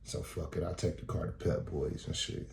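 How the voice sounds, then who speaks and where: A man's voice: rumbling low, level tone, moderate pace, gravelly, a little mellow, a little hiss or hum. A man doing freestyle stand-up, telling a profane story and acting out the dialogue in it. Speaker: stand-up comedian.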